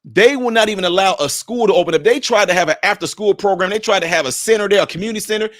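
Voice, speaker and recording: A man's voice: sits high, rapid-fire, a bit bright, no room sound, clean studio sound. A man from Chicago giving a heated political commentary, preachy and mocking, talking straight to his viewers.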